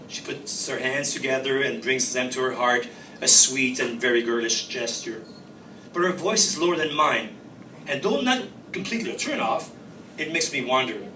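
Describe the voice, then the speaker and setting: A man's voice: medium pitch, pushed and bright. Man at a live reading narrating his own story, wry and reflective; captured far off with faint room noise. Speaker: author reading his fiction. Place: reading venue. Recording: roomy, distant mic, faint ambience.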